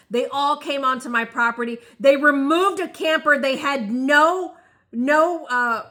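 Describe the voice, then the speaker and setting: A woman co-hosting in casual chat, calmly adding details to the story. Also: fairly high pitch. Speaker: co-host.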